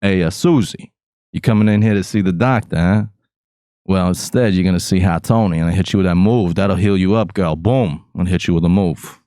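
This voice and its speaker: A man's voice: low voice, a little fast, dark tone, dry recording, clean studio sound, close to an everyday voice. A man doing cocky Jersey player Hot Tony. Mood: swaggering. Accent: New Jersey. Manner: swaggering, flirty, slangy.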